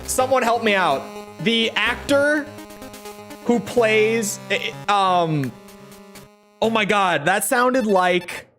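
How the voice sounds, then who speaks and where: A woman's voice: medium pitch, slow, pauses often, fairly bright tone, faint music behind. A woman streaming a game, chatting casually, rambling and correcting herself as she goes. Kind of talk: casual live-stream chat.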